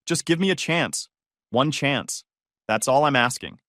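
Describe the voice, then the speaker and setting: A man's voice: medium pitch, expressive, a little slow, a bit bright, dry recording, clean studio sound. A man voicing a tearful young woman who pleads desperately with her ex-fiancé to take her back. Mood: desperate begging.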